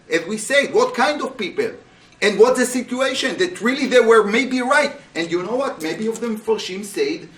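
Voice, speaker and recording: A man teaching a Torah class as a rabbi, speaking with animated rhetorical questions to his students. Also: high-pitched. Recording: roomy, voice from a distance.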